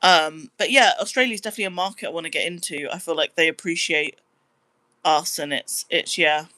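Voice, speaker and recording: With a brisk, pushed, bright voice and no echo, a young woman from Britain casually chats on a livestream. She's a musician and streamer who cheerfully reads viewer comments aloud and squeals high at surprises.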